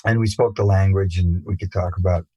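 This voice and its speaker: An older man talks in a low, unhurried voice, recalling old times in a relaxed interview. He rambles and restarts his sentences often. The sound is dry and close to the mic. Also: no room sound, lo-fi sound. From England. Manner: rambling, anecdotal, with frequent fillers and restarts. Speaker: musician guest.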